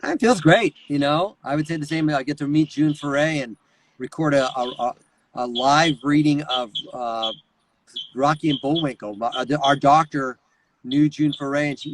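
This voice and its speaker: A man talking as a guest voice actor in a casual interview, animated and quick to slip into voices. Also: medium pitch, no room sound, low-quality recording.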